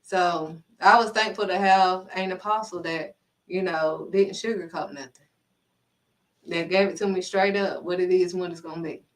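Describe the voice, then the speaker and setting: A woman giving a casual inspirational faith talk as a vlogger, animated and acting out dialogue as she speaks. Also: lowish voice, normal speed, recorded from a distance, poor audio. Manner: animated, acts out quoted dialogue.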